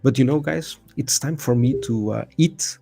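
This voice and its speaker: A man's voice: mid-range voice, moderate pace, vocal fry, dark tone, no echo, soft background music. A man from Portugal hosting a crypto livestream, chatting casually in a rambling, slangy way and swearing now and then.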